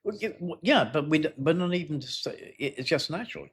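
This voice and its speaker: The IELTS teacher, middle-aged and chatty, speaks a little high and a little fast with animation, against slight background noise. In this live lesson he checks in with "yeah?" and "right?" and performs sample dialogues with his voice raised.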